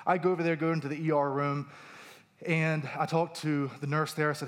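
A man's voice: fairly high pitch, fast talker. A man in his thirties, a pastor, preaching a conversational sermon with personal stories and emphatic rises.

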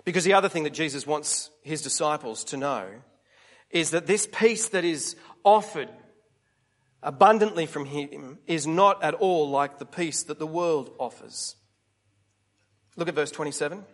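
A man's voice: fairly high pitch, moderate pace, fairly bright tone. A middle-aged man preaching a conversational sermon, often asking his listeners rhetorical questions.

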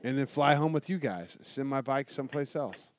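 A man telling a motorcycle story in casual chat, animated and swearing a lot. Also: mid-range voice, moderate pace. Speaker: guest telling a travel story.

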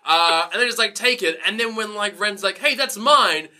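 A man recapping a film in animated casual chat, laughing often and acting out the characters' lines. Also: sits high, brisk. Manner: animated, laughing, swearing, acts out voices. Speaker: podcast co-host.

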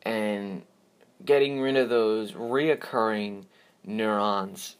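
Rambling low-voiced man on a podcast. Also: slow, smooth. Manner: rambling, repeats words, yawns, drifts off track. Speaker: podcast host. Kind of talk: casual solo podcast talk.

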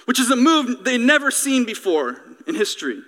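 A male pastor preaching a sermon in an animated, joking, conversational way. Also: very high voice, normal speed, long reverb tail.

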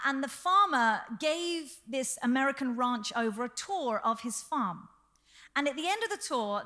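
High-voiced woman preaching. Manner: lively, humorous, earnest preaching. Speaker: senior pastor. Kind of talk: sermon.

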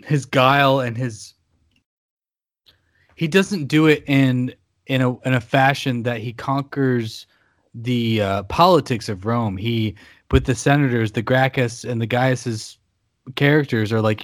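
A man's voice: medium pitch, steady tone, measured pace, no echo. Dry-voiced man chatting about a film. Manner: jokey, slips into silly accents. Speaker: podcast co-host. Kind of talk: casual chat.

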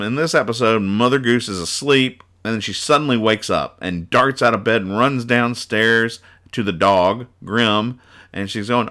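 A man's voice: medium pitch, bright, forceful tone. A male podcast host casually reviewing newspaper comics with rambling, sarcastic asides and chuckles.

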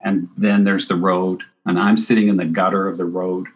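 A man, a photographer being interviewed, telling a story in a casual, animated way and acting out what people said. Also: low voice, moderate pace, lo-fi sound. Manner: animated anecdote-telling with acted-out quotes. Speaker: photographer guest.

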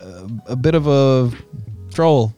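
A man's voice: medium pitch, expressive, slow pace, warm tone, soft background music. A man co-hosting a podcast in casual chat, joking and laid-back, using lots of slang. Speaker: podcast co-host.

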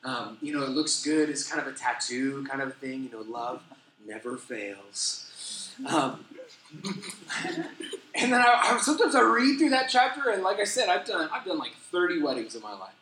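A middle-aged man preaching a sermon as a pastor, telling stories with animated, self-deprecating humor. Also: on the high side, a little fast, a little hiss or hum. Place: church sanctuary. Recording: echoey church hall.

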